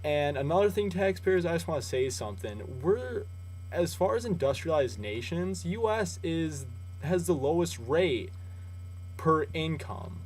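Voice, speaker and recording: A young man hosting a casual news vlog, chatty and jokey, swinging from loud rants to low asides. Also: expressive, unhurried, a little hiss or hum, low-quality recording.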